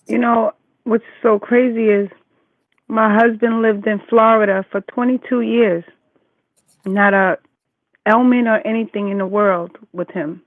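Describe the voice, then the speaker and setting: A woman's voice: mid-range voice, no room sound. A woman in her forties calling in, talking emphatically and reassuringly, repeating herself for stress. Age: 40s. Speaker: caller. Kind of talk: casual consoling chat. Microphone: phone call. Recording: phone line.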